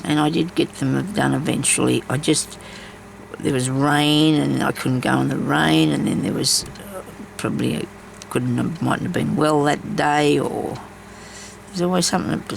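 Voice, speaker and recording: A woman's voice: low voice, fairly even intonation, moderate pace, gravelly, slight background noise, low-quality recording. A woman chats casually while she embroiders, rambling from story to story with many asides. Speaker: craft vlogger.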